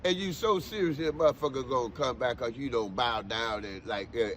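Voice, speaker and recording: A man's voice: medium pitch, fairly quick, fairly bright tone, slight background noise. A man guesting on a podcast, rambling in profane banter and slipping into half-sung riffs. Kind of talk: casual banter. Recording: music playing behind the talk.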